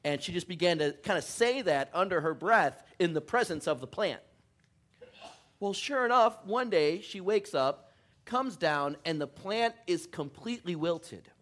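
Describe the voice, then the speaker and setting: A man's voice: high voice, expressive, unhurried, fairly bright tone. A middle-aged male pastor giving a casual, joking sermon in church, laughing often and poking fun at himself. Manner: chatty, self-deprecating, laughs often. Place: church sanctuary.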